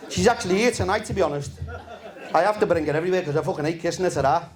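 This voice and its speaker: A man, doing a stand-up comedy set in a relaxed, deadpan, sweary storytelling manner to a live audience. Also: on the high side, rapid-fire. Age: 50s.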